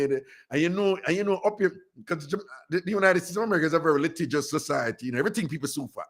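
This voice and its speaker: A man hosting a radio show, telling a story in casual chat, animated and laughing often. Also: medium pitch. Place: radio studio.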